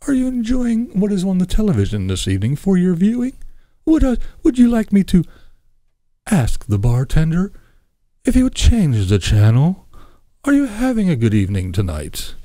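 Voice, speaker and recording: A man's voice: sits high, dark tone, no room sound, voice pushed up, full character voice. A man putting on a stiff, overly formal man making stilted small talk at a bar. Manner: prissy, stilted, genteel.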